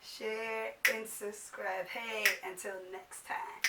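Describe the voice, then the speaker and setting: A young woman from New Jersey ranting in a casual vlog, animated and exasperated, acting out other people's questions. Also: fairly high pitch, normal speed, hardly any pauses, recorded from a distance, very noisy. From New Jersey, USA. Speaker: vlogger. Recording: echoey room, voice a little off-mic.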